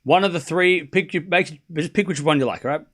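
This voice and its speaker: A young man hosting a live tennis watchalong stream, chatting excitedly and talking to his viewers. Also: fairly high pitch, brisk. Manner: excitable, chatty, talks to the chat. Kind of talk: casual live-stream chat.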